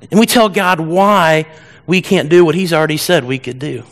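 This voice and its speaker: A middle-aged pastor preaching a sermon in church, animated and humorous, acting out whiny voices. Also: male voice, fairly high pitch, normal speed.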